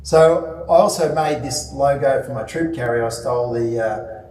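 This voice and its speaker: A man's voice: mid-range voice, moderate pace, a little mellow. A man telling casual stories to a club audience, rambling with many fillers and restarts. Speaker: guest speaker. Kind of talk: casual anecdotal talk. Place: club meeting room. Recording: echoey room, distant mic, faint ambience.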